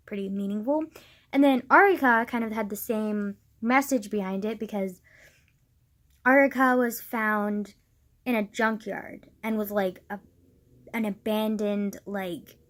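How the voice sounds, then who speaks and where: This young woman's voice is medium-pitched and gravelly. Talking casually to camera as a vlogger, she rambles, says "like" constantly, swears, and sometimes gets worked up.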